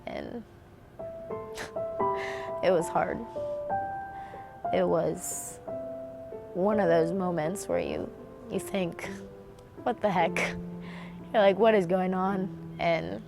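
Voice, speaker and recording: Woman interviewee, documentary storytelling, acts out dialogue, clear music bed beneath. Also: fairly low pitch, drawn-out words, long pauses. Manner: animated, acts out remembered dialogue, laughs through emotion. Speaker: former gymnast interviewee.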